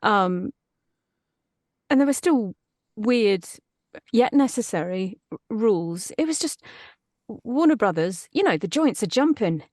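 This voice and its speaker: A woman's voice: mid-range voice, lively intonation, unhurried, pauses often, darkish tone, no echo, clean studio sound. A woman, a voice actress chatting in an interview in a chatty, self-deprecating way. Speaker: voice actress guest. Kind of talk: casual interview chat.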